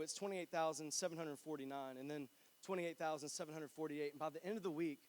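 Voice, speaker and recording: A young man with a fairly high voice preaches a sermon to his church. He talks in a casual, joking way and tells stories from his own life. He is from North Carolina. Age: 20s. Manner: chatty, joking, animated storytelling. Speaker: pastor.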